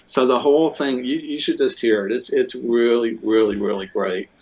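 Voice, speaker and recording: A man being interviewed, telling a long story in a casual, rambling way with many restarts, fillers and bursts of excitement. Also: medium pitch, normal speed. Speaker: interview guest, musician. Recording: muffled lo-fi audio.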